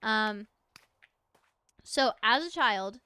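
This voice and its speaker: A woman's voice: on the high side, animated, extremely slow, bright, forceful tone, clear, resonant tone. Chatty American woman streamer, laughing often. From United States. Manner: chatty, rambling storyteller who laughs often. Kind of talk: casual stream chat while gaming.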